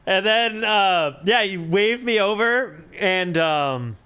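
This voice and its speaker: Young male streamer, casual live chat, rambling storyteller, high and lively delivery. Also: slow, smooth. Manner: rambling, filler-heavy storytelling with swearing.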